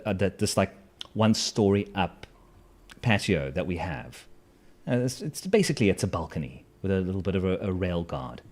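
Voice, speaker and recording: A man's voice: on the low side, darkish tone. A man telling a personal story in a casual, wry, self-mocking way, with lots of fillers and restarts.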